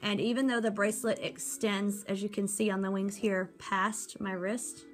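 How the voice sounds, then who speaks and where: A woman's voice: medium pitch, level tone, moderate pace. Woman, casual reviewer, chatty and rambling, faint music behind. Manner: chatty, rambling with many ums. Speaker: jewelry reviewer.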